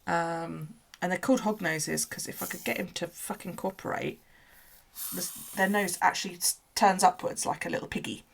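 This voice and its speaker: A woman's voice: fairly low pitch, fairly even intonation, normal speed, gravelly. A woman chatting casually on a home livestream. She swears freely and coos at her pets.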